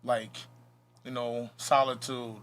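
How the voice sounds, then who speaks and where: A man's voice: mid-range voice, little pitch movement, slow pace, a bit bright. A man in casual podcast chat, laid-back and emphatic, swearing and repeating himself for effect. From California. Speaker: rapper guest.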